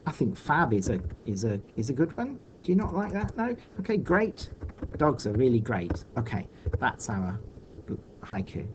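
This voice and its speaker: Male teacher, slow deliberate delivery, faint background hiss, patient and thinking aloud. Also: lowish voice, darkish tone, low-quality recording. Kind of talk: recorded online lesson for children.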